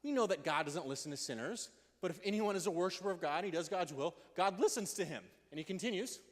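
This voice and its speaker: A man's voice: sits high, fast. A man preaching a casual youth sermon in a church, talking energetically and conversationally. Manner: energetic and conversational, acting out quotes in voices. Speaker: youth pastor. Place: church hall. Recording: long reverb of a large hall.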